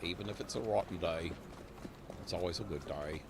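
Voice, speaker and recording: A man's voice: sits low, brisk, creaky, background noise. A man live-streaming a video game, rambling and thinking aloud with chuckles. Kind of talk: live gameplay commentary.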